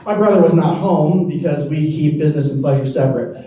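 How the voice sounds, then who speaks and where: Audience laughter fills the background as a young man delivers rambling, self-deprecating stand-up on a comedy club stage. His voice is fairly high and warm, and he talks a little fast. The club recording sounds roomy and distant.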